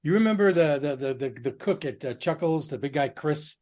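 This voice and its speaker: A man's voice: on the high side, animated, brisk, a little mellow. Frank, rambling comedian man. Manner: rambling, frank, salty storyteller. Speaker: stand-up comedian. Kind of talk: casual anecdote chat.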